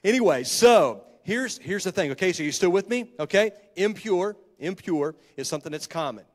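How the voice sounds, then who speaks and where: A man's voice: high-pitched, lively intonation, normal speed. A man preaching a sermon to his congregation in a conversational way, stopping to correct himself and asking the room questions. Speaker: pastor. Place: church sanctuary. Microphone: handheld microphone. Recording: long hall reverb.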